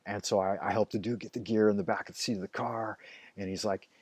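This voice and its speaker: A man's voice: lowish voice, steady tone, fast talker, a little mellow, slightly rough, no room sound. A middle-aged man hosting a live stream, telling stories in a casual, rambling way, swearing often and filling gaps with "like" and "you know". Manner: profane, loose, chatty, with frequent fillers.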